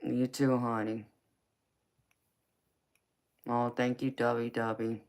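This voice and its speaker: Reading viewer comments aloud on her late-night live tarot stream, this woman speaks in a very deep, slightly mellow voice with a flat delivery. Her Georgia Southern drawl is slow and laid-back, and she chats easily, laughing often and calling viewers honey and baby.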